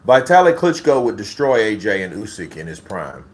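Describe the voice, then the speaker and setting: A man's voice: fairly low pitch, big pitch swings, moderate pace, a little hiss or hum. A man hosting casual boxing commentary on a livestream, blunt and profane, talking to his chat as bro.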